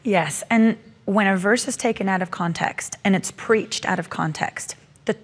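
A woman guest on a Christian talk show, telling lively stories and acting out the voices in them. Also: medium pitch, normal speed, breathy edge, big-room sound. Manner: animated storytelling, acts out quoted voices. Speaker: guest author.

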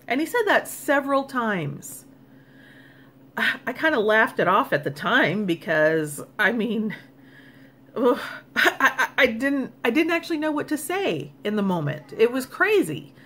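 A woman's voice: fairly high pitch, big pitch swings, unhurried, fairly bright tone, breathy edge. A middle-aged woman talking casually to her viewers in a personal vlog, frank and exasperated, speaking straight to the camera audience. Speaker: vlogger.

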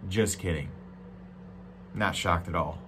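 A male pastor with a fairly low voice preaches, reading scripture and breaking in with dry jokes. He moves between loud, emphatic declarations and quiet, hushed reflection. A faint hum runs underneath. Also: takes it slowly. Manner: reads scripture aloud with asides and jokes. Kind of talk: sermon. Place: church.

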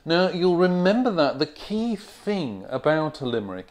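A man teaching a video lesson on reduction, talking clearly and stressing words rhythmically. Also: fairly high pitch, sing-song, unhurried, darkish tone. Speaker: accent coach.

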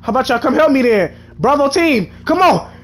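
A man's voice: very high voice, big pitch swings, fairly quick. A young man, doing comedic let's-play commentary and talking to game characters in a mock-dramatic way. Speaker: gaming YouTuber. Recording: game music underneath.

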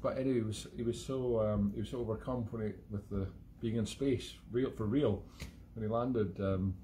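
A man's voice: on the low side, steady tone, moderate pace, warm tone, slight background noise. A Scottish man hosting a live-streamed music show from home, chatting in a rambling, digressive way with self-mocking humour. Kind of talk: rambling casual monologue.

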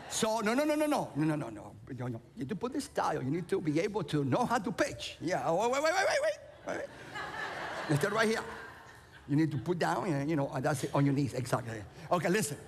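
A man from Cuba preaching a sermon, playful and animated, calling out to people in the audience. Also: high voice, in a large hall, slight background noise. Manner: playful, animated, calls out to the crowd. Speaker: pastor. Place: large church auditorium.

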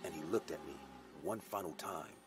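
A man telling a first-person horror story as scripted, expressive narration. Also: sits low, moderate pace.

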